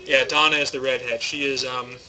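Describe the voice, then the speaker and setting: A man's voice: medium pitch, level tone, a little fast, sharp tone, rough recording. A young man commentating a card tournament stream, joking and rambling in casual chat. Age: young adult. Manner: joking, rambling, self-deprecating.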